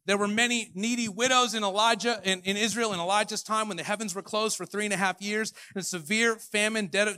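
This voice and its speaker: A man preaching a sermon as pastor, animated, swinging between loud declarations and hushed asides. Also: high voice, clean tone, no room sound, clean studio sound. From Canada. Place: church hall.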